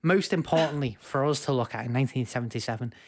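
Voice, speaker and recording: A man's voice: mid-range voice, fast talker. A young man co-hosting a casual podcast, talking in an enthusiastic, jokey, rambling way on a home mic over a video call. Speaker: podcast co-host. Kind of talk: casual chat.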